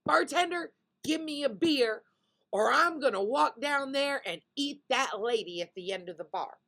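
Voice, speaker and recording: Brief: boisterous male bear in a bar joke, high and loud, as a woman puts him on. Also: animated, moderate pace, exaggerated voice. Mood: demanding. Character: gruff pushy male bear demanding beer.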